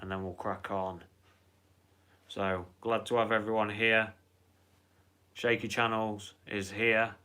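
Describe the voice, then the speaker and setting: A low-voiced man rambles casually through a live stream, greeting viewers and chatting. His tone has a bright, forward edge. He swears freely and in an easygoing way. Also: flat delivery, slow pace, pauses often, smooth.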